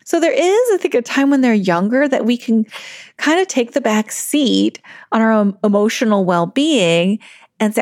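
A woman with a fairly high voice talks parents through their frustrations in a conversational solo podcast. She laughs easily and slips into the voice of a parent's inner thoughts. The sound is close and dry, with no room around it. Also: lively intonation, moderate pace, darkish tone, dry recording. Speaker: parenting coach.

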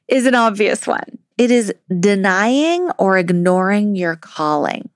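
Lively chatty woman life coach. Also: mid-range voice, unhurried, hardly any pauses, faint music behind. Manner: upbeat, chatty, laughs often, uses "like". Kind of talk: casual solo podcast advice.

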